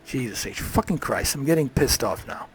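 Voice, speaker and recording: A man's voice: mid-range voice, expressive, normal speed, a little hiss or hum. A man ranting on a live stream, heated and profane, swearing freely.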